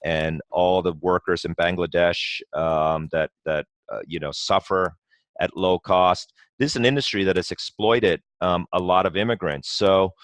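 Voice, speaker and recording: A man with a lowish voice talks passionately as a podcast guest, piling up "you know" and starting sentences over as he goes. The sound is dry and close, with almost no room echo. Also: measured pace. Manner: passionate, talks in long runs full of "you know" and restarts. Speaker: guest, company co-founder. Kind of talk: conversational podcast interview.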